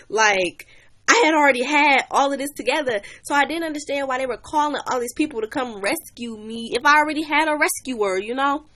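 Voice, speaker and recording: A woman's voice: sits high, pushed and bright. A young woman chatting on a livestream, animatedly telling a story and greeting new viewers. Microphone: webcam or phone mic.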